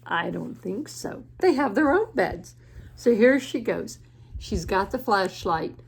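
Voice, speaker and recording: A woman teacher reading a picture book aloud to children in a gentle way, pausing to ask the listener questions. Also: medium pitch, vocal fry, slightly rough. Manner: gentle, asks the listener questions, laughs often.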